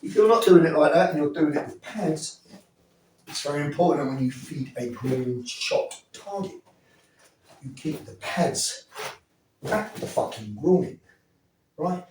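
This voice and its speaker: Blunt combat instructor, echoey room. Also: male voice, a little high, unhurried, pauses often, darkish tone, recorded from a distance, slight background noise. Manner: blunt, profane, checks in with "right?". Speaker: self-defense instructor. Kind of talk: demonstration teaching. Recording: echoey room, off mic, faint ambience.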